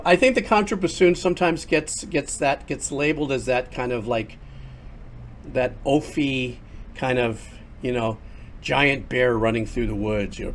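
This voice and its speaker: An older man chatting through a headset as he streams a game, his voice sitting in an ordinary middle register. He talks casually and gets excitable, exclaiming often as he plays. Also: mid-range voice, slight background noise. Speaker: streamer and composer. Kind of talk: casual livestream commentary.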